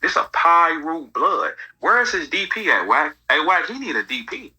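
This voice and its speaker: A man hosting casual commentary, telling stories in an animated, profane way. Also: on the high side, normal speed, slightly rough, rough recording. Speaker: host.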